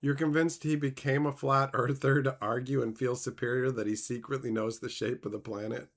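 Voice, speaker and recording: A streamer reads chat aloud and reacts in casual, sarcastic talk, mocking freely, swearing often and laughing between remarks. The voice sits at medium pitch with a steady tone and a fairly quick pace.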